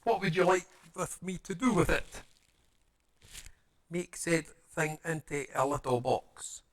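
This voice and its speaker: Slow-talking playful man. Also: fairly high pitch. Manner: playful, mutters to himself, makes silly sound effects. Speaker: paper model builder. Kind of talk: chatty build commentary.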